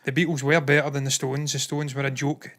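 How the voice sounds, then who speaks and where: A man's voice: mid-range voice, little pitch movement, fairly quick, a bit bright. A man co-hosting a casual movie news chat, opinionated and jokey. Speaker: co-host.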